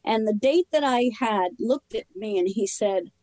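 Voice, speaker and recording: A woman speaks candidly about her own past with a guest's earnest openness. Her voice sits on the higher side, and the phrases come short and halting. The sound is close and dry, with no room around it. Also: lively intonation, warm tone, no echo, poor audio. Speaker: interview guest. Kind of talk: personal recovery story in conversation.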